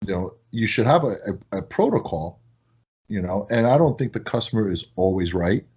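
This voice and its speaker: His delivery is brisk and breathy, and the sound quality is lo-fi. The man, a product company owner appearing as a podcast guest, tells energetic stories in a casual, conversational way. He's an animated storyteller whose voice climbs high when he gets excited.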